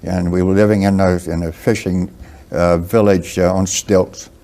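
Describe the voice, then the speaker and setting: Older Southern man, deep slow drawl. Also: level tone, dark tone. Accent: Southern American. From American South. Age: 70s. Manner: slow, halting, with many fillers and restarts. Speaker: guest writer. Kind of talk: interview.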